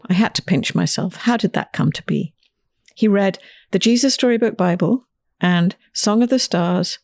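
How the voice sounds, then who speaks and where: A woman's voice: on the low side, a little mellow, no echo. Woman host telling a story, dry sound. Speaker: host and author. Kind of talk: scripted personal storytelling.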